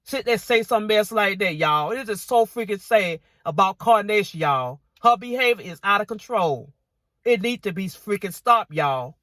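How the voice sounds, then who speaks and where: A woman's voice: medium pitch, lively intonation, normal speed, fairly bright tone, no echo, studio quality. A woman vlogger giving indignant reaction commentary on viewer comments, repeating herself and saying y'all often.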